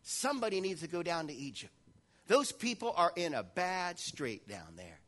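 A man preaching a sermon, speaking as a reluctant, pleading Moses in his own bright voice. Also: on the high side, sing-song, moderate pace. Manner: hesitant, pleading.

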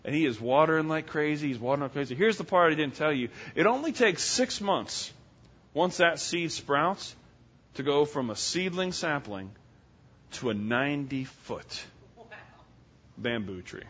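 A man preaching a sermon, telling a folksy story in an animated way and voicing its characters. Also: a little high, normal speed, slightly rough. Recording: dull lo-fi sound.

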